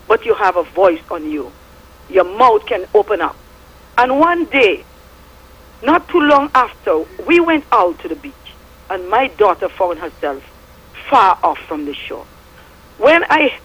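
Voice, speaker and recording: A woman's voice: medium pitch, big pitch swings, a little slow, long pauses, a bit bright, slightly rough, low-quality recording. A middle-aged woman with a Statian Caribbean English accent, calling in to a radio show and giving fervent, preachy testimony with biblical references. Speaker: radio caller. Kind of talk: impassioned call-in testimony.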